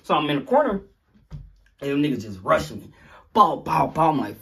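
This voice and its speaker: A young man telling a story in a vlog, animated, acting out sounds and quotes. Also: a little high, moderate pace, vocal fry, slightly rough. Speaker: vlogger.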